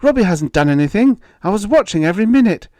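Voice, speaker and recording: A man's voice: high voice, very animated, normal speed, a little mellow, dry recording, voice pushed up. A man voicing a frightened mother pleading with her husband in an audiobook reading.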